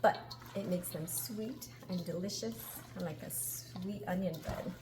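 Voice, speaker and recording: With a lowish voice and a slightly slow delivery, this middle-aged host gives a casual cooking demonstration at home. Upbeat and chatty, she laughs frequently, and the recording carries kitchen echo and background noise.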